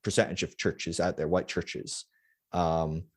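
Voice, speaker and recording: A man's voice: low voice, little pitch movement, a little slow. A man hosting a podcast, speaking bluntly and casually, swearing and thinking aloud. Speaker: podcast host. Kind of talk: casual chat.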